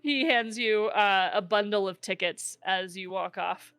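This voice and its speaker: A woman's voice: mid-range voice, measured pace, over music. A woman narrating a tabletop game as game master, in a chatty way, laughing often and using lots of fillers.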